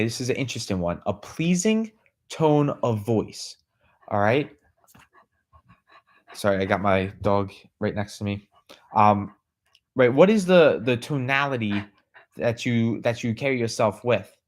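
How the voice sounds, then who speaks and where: This man, a podcast host with a medium pitch, gives a motivational talk full of questions aimed at the listener. He tags his lines with "right?" and "okay?" and repeats words each time he starts over.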